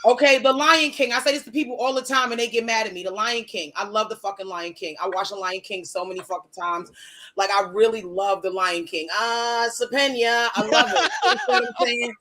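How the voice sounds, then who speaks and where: A woman guest on a podcast, talking in a blunt, animated way with heavy swearing. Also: medium pitch, fairly quick. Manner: animated, blunt, heavily profane ranting. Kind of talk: casual podcast chat.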